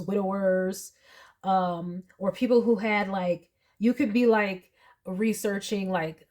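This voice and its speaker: Earnest woman tarot reader. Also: medium pitch. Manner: earnest, emotional, many fillers like "like". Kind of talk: tarot reading to camera.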